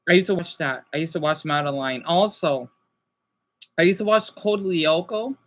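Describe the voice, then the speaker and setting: A man chatting casually on a livestream, answering viewers, rambling and excitable with lots of restarts and exclamations. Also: on the high side, normal speed. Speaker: YouTuber.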